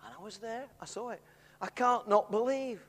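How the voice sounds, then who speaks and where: A middle-aged man preaching a sermon, telling a story in an animated way that swells into excited shouts. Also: very high-pitched, moderate pace. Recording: long hall reverb.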